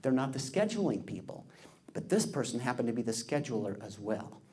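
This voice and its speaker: A man tells a story from the podium, his voice mellow and warm. He is animated, dropping into the voices of people he quotes. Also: mid-range voice, fairly quick. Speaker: public speaker. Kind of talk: storytelling speech.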